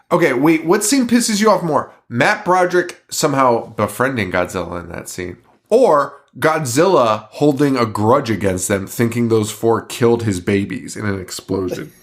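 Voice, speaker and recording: Male podcast host, mid pitch, casual, profane, laughs a lot while ranting. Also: lively intonation, normal speed. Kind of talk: casual chat.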